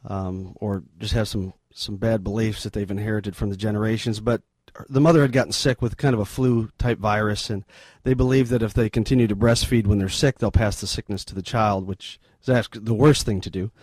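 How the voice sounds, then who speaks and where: A middle-aged man, a missionary guest in an interview, retelling a story in an earnest, halting, sombre way. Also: lowish voice, fairly even intonation, a little mellow, husky, no echo.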